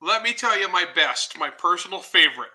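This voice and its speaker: Man, interview guest, high pitch, very bright sharp tone, joking storyteller, video call. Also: brisk. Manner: animated, joking anecdotes. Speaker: guest author.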